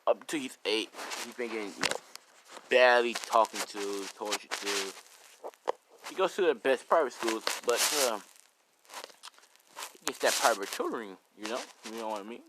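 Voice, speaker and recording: A man's voice: mid-range voice, sharp tone, slight background noise. A man improvising a story in a casual, rambling, profane way. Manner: rambling, profane, laughs at own jokes.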